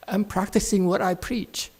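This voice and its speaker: A man's voice: high-pitched, darkish tone. A man, a Buddhist monk, giving a dharma talk to his class in a blunt, scolding and mocking way. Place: meditation center.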